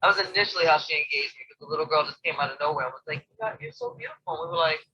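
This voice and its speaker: A co-host of a tarot review chatting casually, telling animated stories and acting out what people said, laughing along. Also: medium pitch, rapid-fire, slightly rough, lo-fi sound. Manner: animated storyteller, acts out quotes, laughing. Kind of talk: casual chat.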